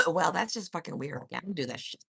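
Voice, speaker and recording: Husky and on the low side with vocal fry, this livestream host broadcasts casually from home. She's loud and profane, laughs a lot and keeps teasing her chat.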